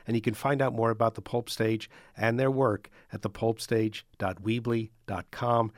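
A man hosting a radio news interview in a studio, friendly and quick to laugh. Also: fairly low pitch, little pitch movement, no room sound. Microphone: studio microphone.

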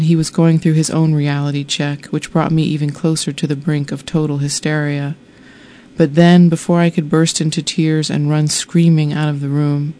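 A woman author reading aloud from her own memoir, telling the story wryly and voicing the dialogue. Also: sits low. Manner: wry, expressive storytelling with voiced dialogue.

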